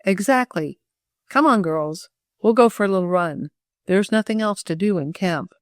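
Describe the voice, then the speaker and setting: A woman's voice: medium pitch, expressive, moderate pace, dry recording, studio quality, natural voice. A woman voicing a bold, practical young girl in an audiobook, speaking in a matter-of-fact, assured manner.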